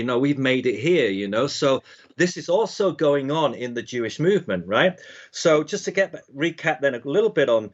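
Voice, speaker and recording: Rambling man teaching history, dull audio. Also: medium pitch. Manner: rambling, many restarts and "you know" fillers. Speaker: Bible prophecy teacher. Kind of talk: casual conversational teaching.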